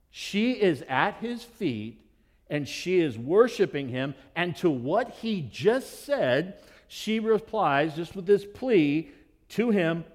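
A male pastor preaching a sermon to his church, animated and emphatic, with dramatic pauses. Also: sits high.

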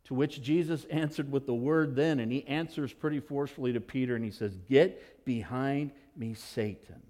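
A man preaching a sermon as pastor, telling the story in an animated, expressive way. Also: medium pitch, fairly quick.

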